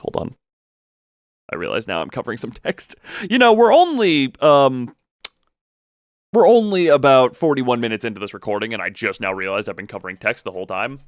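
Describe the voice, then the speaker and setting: A man's voice: medium pitch, fairly quick. A young man streaming a game, joking and talking to himself as he plays. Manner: animated, joking, talks to himself. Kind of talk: let's-play commentary. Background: game music.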